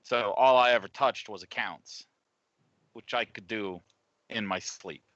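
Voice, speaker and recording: A man playing a tabletop role-play game, talking in a calm, reassuring way. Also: fairly low pitch, unhurried, no echo. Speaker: player. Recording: dull dry mic.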